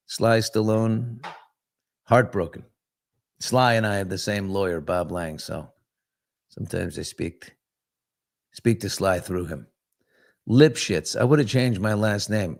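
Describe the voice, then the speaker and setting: A man's voice: on the low side, slow, creaky, pauses often. A middle-aged man hosting a live morning chat show, talking loosely and candidly with viewers and rambling through stories with restarts. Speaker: talk show host.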